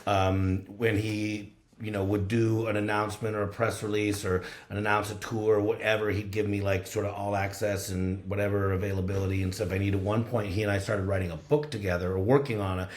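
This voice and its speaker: A man from Los Angeles talks as a guest musician in a relaxed, rambling way, swearing freely. His voice sits fairly low. The recording carries a noticeable room echo. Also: fairly quick, few pauses. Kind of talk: casual storytelling. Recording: roomy echo.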